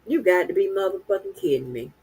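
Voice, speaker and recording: Husky, exasperated profane woman ranting. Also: expressive, quick pace, darkish tone, rough recording. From Florida. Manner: exasperated, swears constantly, swings from low mutter to high outbursts. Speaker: streamer commenting on news. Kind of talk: casual profane commentary.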